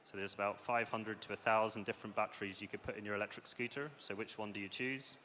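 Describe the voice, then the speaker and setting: A man with a low but bright voice delivering a casual startup pitch on stage, dotted with "um"s. The sound carries a long hall reverb and a faint hum of background noise. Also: quick pace. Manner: relaxed, filler-laden delivery. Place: large conference hall.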